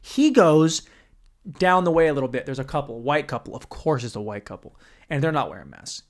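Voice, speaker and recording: A young man hosting a podcast alone, delivering a profane, animated comedic rant and acting out other people's voices. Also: medium pitch, a little fast. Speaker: podcast host.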